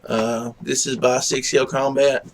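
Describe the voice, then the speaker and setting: A relaxed man drawls through casual chat with his stream viewers at an unhurried pace. His talk rambles and he pokes fun at himself. He sounds easygoing and unscripted on a streaming microphone. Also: a little hiss or hum. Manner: laid-back, rambling, self-deprecating; coos at his dog in high baby talk. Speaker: livestream host.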